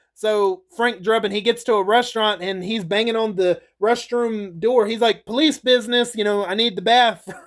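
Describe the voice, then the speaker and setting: A man's voice: high voice, fairly bright tone, smooth. A man casually recapping and ranking movies for his channel in a rambling, chatty way, laughing and swearing as he goes. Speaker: YouTuber reviewing movies.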